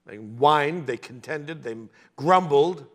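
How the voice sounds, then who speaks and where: A man teaching a verse-by-verse sermon, animated, with jokey asides. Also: on the high side, takes it slowly. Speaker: Bible teacher.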